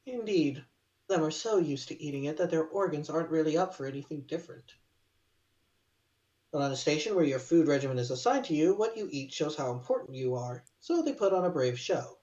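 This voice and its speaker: A man voicing a sly, charming male clone officer with a smooth, teasing manner, recorded distant in a roomy space on a dull mic. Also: fairly high pitch, animated, a little fast, darkish tone, natural voice.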